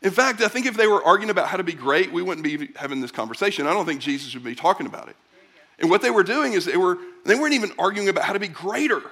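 Middle-aged guy preaching, chatty and lively, voice sits a bit high, acts out bits of dialogue. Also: racing, creaky. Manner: conversational, animated preaching with acted-out voices. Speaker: pastor. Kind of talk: sermon.

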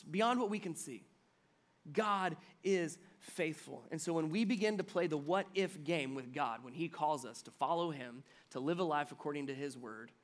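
A middle-aged man preaching a sermon as pastor, swinging from loud emphatic build-ups to near-whispered pleading. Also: on the high side.

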